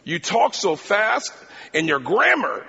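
A man voicing a stern, demanding older preacher who teaches a class, booming and emphatic. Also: very animated, takes it slowly, vocal fry, sharp tone, slightly rough, in a large hall, dull audio, exaggerated voice.

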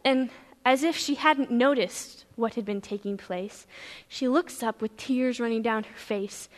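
A woman pastor preaching a sermon, telling a story vividly in the first person and moving between loud and hushed passages. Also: fairly high pitch, a little slow, long reverb tail.

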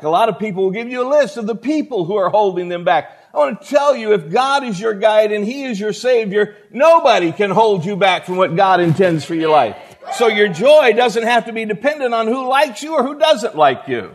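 A man's voice: sits high, expressive, normal speed. A male pastor preaching a sermon in a folksy, emphatic storytelling manner.

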